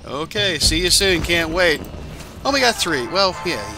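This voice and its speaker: A man's voice: fairly high pitch, sing-song, unhurried, pushed and bright, slight background noise. A man hosting a let's-play, chatting casually as he plays, rambling and swearing now and then, a little tired. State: tired, yawning. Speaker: game channel host.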